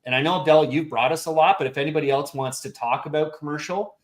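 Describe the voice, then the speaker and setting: A man's voice: on the high side, fast. A man hosting a round table discussion on a video call, ranting bluntly and swearing freely. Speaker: show host and real estate investor.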